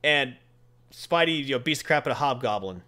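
A man's voice: mid-range voice, expressive, fairly quick, bright, forceful tone. A man hosting a casual chat, retelling a comic book story and acting out the characters' lines. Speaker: comic book podcast host.

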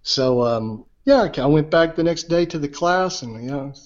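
A man telling an anecdote in casual conversation, animated and self-deprecating, filling pauses with "you know". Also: on the high side. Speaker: guest. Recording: dull lo-fi sound.

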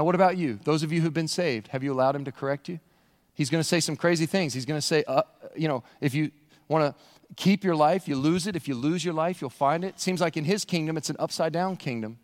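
A man preaching a sermon as pastor, animated and acting out characters' voices. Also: on the high side. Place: church sanctuary. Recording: long reverb of a large church hall.

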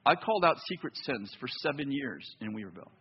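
A man preaching a sermon in a church, telling a story with lively back-and-forth dialogue. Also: mid-range voice, a little fast, creaky, breathy edge, muffled recording. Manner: animated storytelling, acts out both sides of dialogue. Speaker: pastor.

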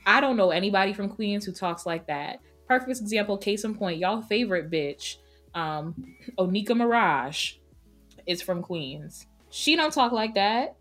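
A woman co-hosting a podcast roundtable, talking in an emphatic, opinionated, animated way. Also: medium pitch, measured pace, soft background music. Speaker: podcast co-host. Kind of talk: casual roundtable chat.

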